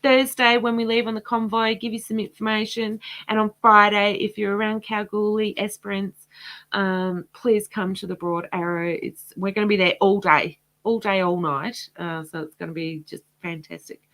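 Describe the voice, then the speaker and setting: A hoarse woman talks straight into her phone or webcam, hosting a livestream in a loose, rambling, impassioned way. Her voice sits mid-height and is getting strained and worn. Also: mid-range voice, steady tone, moderate pace, fairly bright tone. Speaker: host of a livestream. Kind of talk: casual livestream commentary.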